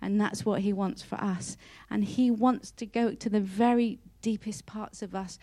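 A woman's voice: mid-range voice, fairly even intonation, moderate pace, warm tone. A woman speaks in an earnest, heartfelt devotional talk. She sounds openly emotional and often repeats or restarts words mid-phrase. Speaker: Christian speaker.

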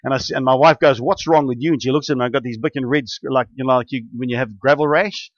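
A man telling a long spiritual testimony in an animated, rambling way, with many restarts and bursts of excitement. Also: mid-range voice, quick pace, dry recording. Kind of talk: testimony storytelling. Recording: dull, dry lo-fi recording.

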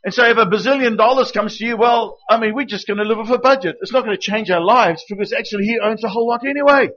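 A man with a high voice preaches as a guest speaker, acting out little dialogues as he tells his stories. At times he drops to a hushed, intimate tone. The recording sounds dull and lo-fi. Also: fast talker. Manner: animated storytelling with acted quotes. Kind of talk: sermon.

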